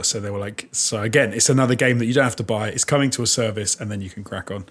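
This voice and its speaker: A man's voice: on the low side, rapid-fire, hardly any pauses, fairly bright tone. A British man hosting a podcast, chatting frankly and laughing often. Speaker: podcast host. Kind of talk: casual chat.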